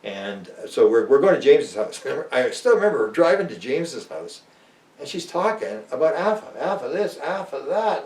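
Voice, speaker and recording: An older man, a UFO researcher guesting in an interview, tells casual stories in a roomy room. He's animated and acts out quoted people with big pitch jumps, captured by a distant mic.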